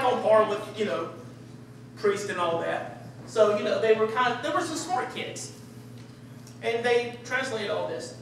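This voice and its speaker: Man, animated conversational preacher, acts out voices, mic far off, booming room echo. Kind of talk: conversational sermon. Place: church sanctuary. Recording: echoey room, distant mic, faint hiss.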